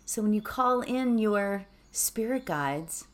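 A slightly hoarse woman leading a guided meditation in a chatty way, laughing often and ending her lines with "right?". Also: medium pitch, animated, takes it slowly. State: slightly hoarse from early morning.

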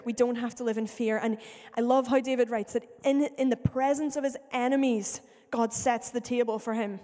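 A woman's voice: a little high, steady tone, fairly quick, dark tone. A woman preaching a sermon in an earnest way, often repeating phrases for emphasis. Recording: long hall reverb.

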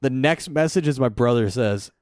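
A young adult man chatting casually as a podcast co-host, swearing often and rambling, with excitable jumps in pitch. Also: moderate pace, no room sound, clean studio sound. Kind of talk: casual chat.

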